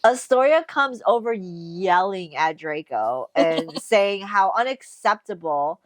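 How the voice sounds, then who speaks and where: Animated woman recapping a story. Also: mid-range voice, slow, dry recording. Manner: animated retelling, swearing and laughing often. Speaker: podcast co-host. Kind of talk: casual book recap chat.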